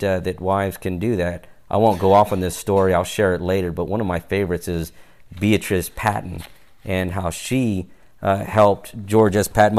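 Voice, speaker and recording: A very deep-voiced man preaching a sermon in a relaxed, conversational way. He tends to close his points with a quick "right?" and slips into brief acted-out exchanges along the way. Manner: conversational, often adds "right?" to each point; acts out little quoted exchanges in passing.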